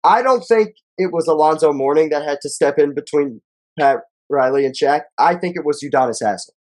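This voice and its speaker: A man's voice: on the high side, fairly quick, a little mellow. A man co-hosting a casual sports podcast, reading stats and quotes aloud in a loose, profane way. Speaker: podcast co-host.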